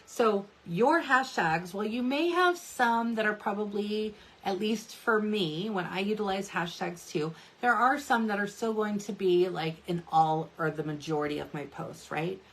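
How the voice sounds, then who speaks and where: A woman's voice: mid-range voice, animated, measured pace, few pauses, fairly bright tone. A woman in her thirties giving a chatty social media tutorial, often checking in with "right?" and "okay?". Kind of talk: casual tutorial talk to camera.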